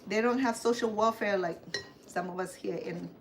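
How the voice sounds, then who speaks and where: Chatty home-cook host, woman, mid-pitched, rambling asides, pots and pans clattering behind her. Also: normal speed, background noise. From Cambodia. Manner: chatty, rambling asides with many fillers and restarts. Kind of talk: casual cooking demonstration. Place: home kitchen. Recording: clear kitchen clatter behind the voice. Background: clatter of dishes, pots and pans.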